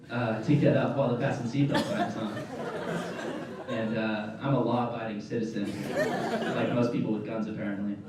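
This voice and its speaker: A man's voice: medium pitch, noisy background. A young man performing a stand-up comedy set, telling a rambling story full of fillers and often laughing at his own jokes. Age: young adult. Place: comedy club stage, indoors. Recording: echoey room from far off, audience laughter.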